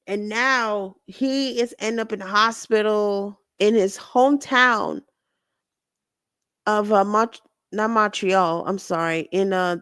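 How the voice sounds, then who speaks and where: A woman hosts her own show with a medium-pitched, clean voice in studio-quality sound without echo. She chats through a wrestling recap, animated and rambling, frequently correcting herself.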